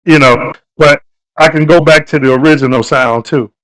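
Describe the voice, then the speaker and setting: A man's voice: fairly high pitch, steady tone, normal speed, a bit bright, poor audio. A man hosting a casual live stream, talking to his viewers in a loose, repetitive, preachy way.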